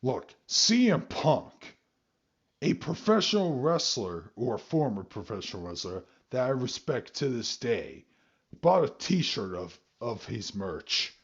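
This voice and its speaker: A man hosting a podcast in casual chat, animated and swearing freely. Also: medium pitch, slow, slightly rough. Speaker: podcast host. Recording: dull lo-fi sound.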